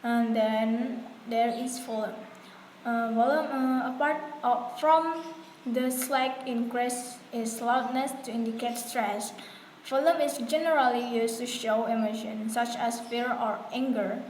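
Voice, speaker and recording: A native Indonesian-speaking woman reads her class presentation from notes at an unhurried pace, her slightly high voice a little mellow. She uses fillers and restarts, and the echoey room adds faint noise.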